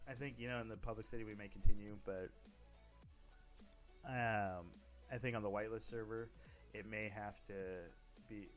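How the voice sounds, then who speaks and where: Guy on a stream rambling about his rp server, deepish voice, keeps restarting his sentences, little bit of music behind. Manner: rambling, restarts and self-corrections. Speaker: streamer running a role-play game server. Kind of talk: casual livestream talk.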